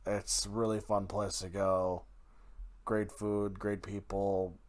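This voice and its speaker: A man's voice: fairly low pitch, level tone, slow pace, a little mellow. A man hosting his own podcast in a casual, rambling solo talk, correcting his own slips and laughing at himself. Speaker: podcast host.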